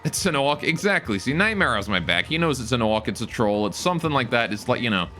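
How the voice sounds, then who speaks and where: A man's voice: mid-range voice, sing-song, fast, pushed and bright, faint music behind. A man streaming a game live, joking with his chat while he plays. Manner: joking, chats with viewers while playing.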